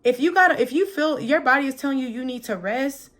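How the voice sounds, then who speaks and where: A young adult woman hosting a solo motivational podcast in a chatty, animated manner. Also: high-pitched, fast. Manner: lively, chatty, animated, acts out quoted voices. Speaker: podcast host.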